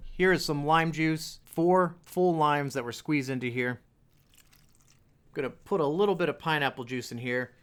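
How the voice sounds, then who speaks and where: A man's voice: fairly high pitch, moderate pace, clean tone. Chatty man hosting a home cooking vlog. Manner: chatty, jokey asides to viewers. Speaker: cooking video host. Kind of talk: casual cooking demonstration. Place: home kitchen.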